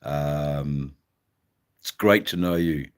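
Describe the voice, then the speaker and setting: A man's voice: very deep voice, very slow, clear, resonant tone. A middle-aged Australian man with an Australian accent, hosting a rambling livestream and chatting with viewers, full of ums and mates. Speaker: livestream host. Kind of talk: casual livestream chat with viewers.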